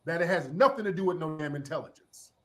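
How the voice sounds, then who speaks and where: A man with a high voice speaks bluntly on a live-streamed panel. He lectures with profanity in a casual, talkative way. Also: lively intonation, fast.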